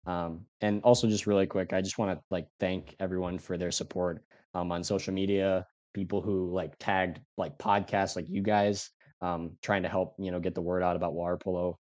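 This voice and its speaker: A young team captain chats on a podcast in a very low voice, feeling his way with frequent ums. The sound is dry and close. He is earnest and a little halting. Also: flat delivery, darkish tone, dry recording, dull audio. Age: young adult. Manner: hesitant, filler-heavy, earnest. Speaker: guest, student team captain. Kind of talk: casual podcast interview.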